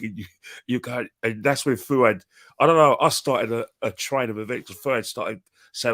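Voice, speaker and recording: A man talking as a guest, rambling on and doubling back over his words with a cheeky edge. His voice sits at an ordinary middle pitch. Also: moderate pace, fairly bright tone. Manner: rambling, repeats himself, cheeky. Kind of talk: casual chat.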